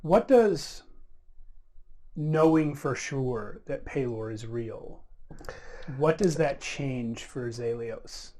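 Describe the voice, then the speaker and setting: A man's voice: mid-range voice, animated, drawn-out words, darkish tone. A man running a tabletop role-playing game as game master, talking in a musing, hesitant way.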